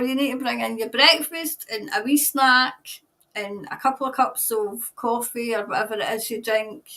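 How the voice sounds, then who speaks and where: A Scottish tarot reader hosts a relaxed live stream, rambling along, laughing often, and greeting viewers by name. Her voice sits a little high, and because she's a bit far from the microphone she sounds slightly distant.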